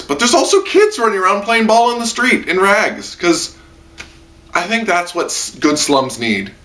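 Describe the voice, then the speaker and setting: In his lamp-lit room at home, a young man rambles through a casual spoken anime review, excitable and stuffed with "like" and other filler. His bright, slightly sharp voice sits in an ordinary middle register, and he leaps into high, squealed voices whenever he quotes characters.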